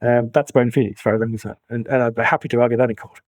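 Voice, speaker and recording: A man's voice: medium pitch, level tone, racing, no echo. A man in his forties, a financial planner being interviewed, talking emphatically and reaching for colourful analogies. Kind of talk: conversational interview.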